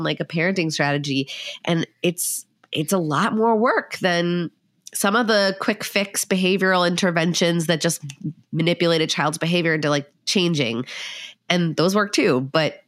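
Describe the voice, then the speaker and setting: Woman, low register, dry close recording, earnest and thoughtful host. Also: moderate pace, fairly bright tone, dry recording. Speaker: podcast host and parenting coach. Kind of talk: conversational podcast interview.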